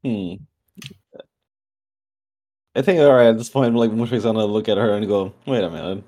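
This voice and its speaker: A man's voice: on the low side, moderate pace, warm tone. A man playing in a tabletop game, chatting casually and laughing often. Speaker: player.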